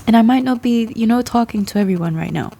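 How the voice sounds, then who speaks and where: A woman's voice: on the high side, fast, creaky, warm tone, slight background noise. A woman, a tarot reader chatting loosely to her viewers, laughing often and swearing casually as her thoughts drift. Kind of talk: rambling casual chat to camera.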